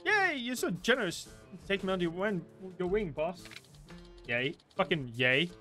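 A man doing a shrill eager yakuza wannabe. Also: expressive, a little fast, faint music behind. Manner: high-pitched, loud, gushing pleading. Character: eager young male yakuza wannabe, pushy and excitable. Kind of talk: reading game dialogue aloud in voices.

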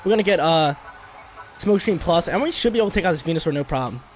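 A young man giving hyped, slangy commentary over his own gameplay as a gaming YouTuber, reacting quickly to each play. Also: on the high side, expressive. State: briefly coughing.

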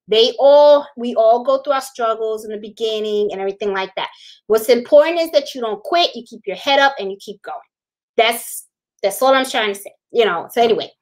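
A woman's voice: a little high, poor audio. A woman hosting a casual live stream, chatty and repetitive, often laughing and greeting viewers by name. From Puerto Rican. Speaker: livestream host.

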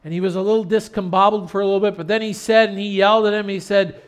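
A man pastor preaching an earnest sermon in a church, turning loud and dramatic when telling a story. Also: high-pitched, steady tone, fast talker, clear, resonant tone. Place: church sanctuary.

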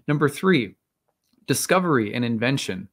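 A man's voice: medium pitch, sing-song, moderate pace, a bit bright. A man giving a casual, rambling solo talk as an astrologer, thinking aloud with many fillers and restarts. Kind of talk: casual monologue.

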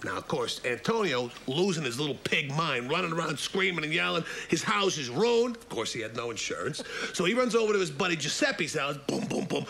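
A middle-aged man, telling a children's story as an animated wise-guy and using mob slang. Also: a little high, a little fast, vocal fry, hardly any pauses. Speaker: mobster character telling a bedtime story. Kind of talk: comedic sketch storytelling.

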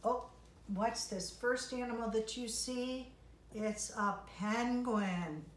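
A woman's voice: on the high side, slow pace. Encouraging woman teaching small kids. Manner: encouraging, sing-song, talks to children. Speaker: kindergarten music teacher. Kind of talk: online music lesson and story reading for young children. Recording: roomy, distant mic, faint noise.

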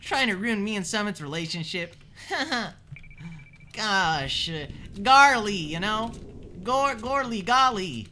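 A young man streaming live, chatting with his viewers in a joking, sarcastic way and swearing often as he swings between mutters and shouts. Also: high-pitched, lively intonation, slow, a little hiss or hum. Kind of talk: casual live-stream chat, answering viewers. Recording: game stream with clear background music.

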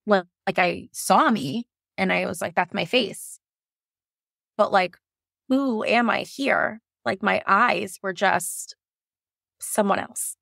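A woman's voice: medium pitch, takes it slowly, vocal fry, pauses often, fairly bright tone, no room sound, clean studio sound. A woman guest frankly telling a painful personal story, emotional and laughing through hard moments. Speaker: guest sharing her birth story.

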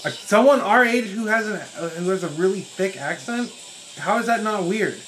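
A man in his thirties hosting a casual livestream, bantering in a teasing, deadpan way. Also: high-pitched, moderate pace, faint music behind, low-quality recording. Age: 30s. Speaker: streamer host.

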